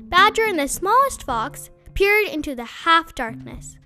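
A woman reading a children's story aloud as a storyteller, slow and expressive. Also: high-pitched, faint music behind.

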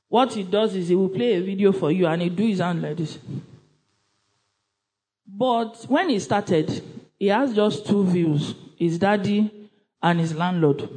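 A woman's voice: mid-range voice, darkish tone, low-quality recording. A woman with a Nigerian accent presenting a book review at church in a conversational, emphatic way, often repeating herself and voicing little quoted asides.

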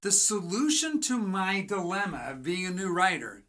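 A writing coach giving an energetic, motivational teaching talk, asking the listener rhetorical questions and acting out conversations. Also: mid-range voice, normal speed, hardly any pauses. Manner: energetic, asks rhetorical questions, acts out dialogues.

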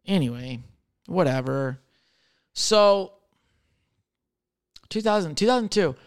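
Man, 30s, comedian hosting a podcast; smooth, clear voice, swears a lot, rambles in a jokey way. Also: high-pitched, lively intonation, takes it slowly. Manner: profane, jokey, rambling, jumping between loud and mumbled. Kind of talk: casual rambling monologue.

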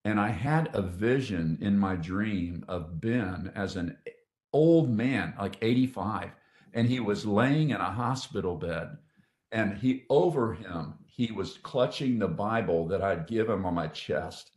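A man's voice: fairly low pitch, lively intonation, a little mellow. Earnest man telling his testimony, echoey room. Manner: earnest, emotional, halting with restarts. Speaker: podcast guest. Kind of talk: heartfelt testimony storytelling.

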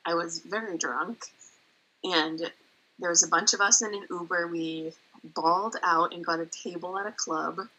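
Young woman guest, husky and bright, candid and loose-tongued. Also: lowish voice, steady tone, measured pace, low-quality recording. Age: young adult. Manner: candid storyteller, swears casually. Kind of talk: casual chat.

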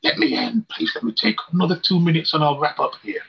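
A man's voice: sits high, very animated, fast, vocal fry, slight background noise. A man preaching a sermon, telling a personal testimony in an earnest storytelling way with rhetorical questions. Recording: dull lo-fi recording.

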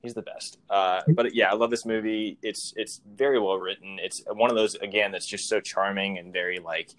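A man's voice: on the low side, fairly even intonation, normal speed, a bit bright. A man co-hosting a podcast in casual chat, rambling and swearing freely with easy laughs. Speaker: podcast co-host.

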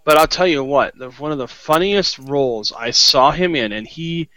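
A man co-hosting a podcast in casual chat, talking in a rambling, halting way with many restarts. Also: fairly high pitch, pushed and bright, no room sound, dull audio. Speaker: podcast co-host.

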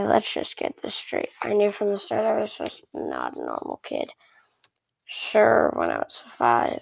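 Female storyteller, chatty first-person narration with sarcastic asides, gravelly edge on a mid-range voice. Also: mid-range voice, a little mellow, dry recording.

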